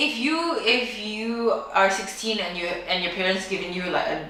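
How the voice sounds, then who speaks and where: A woman's voice: mid-range voice, steady tone, quick pace, pushed and bright. A woman, giving earnest advice in a casual podcast chat. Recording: echoey room, mic far off.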